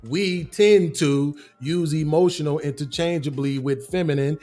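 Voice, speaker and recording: A man's voice: on the high side, unhurried, mellow. A man on a podcast panel in a casual debate, teasing and laid-back.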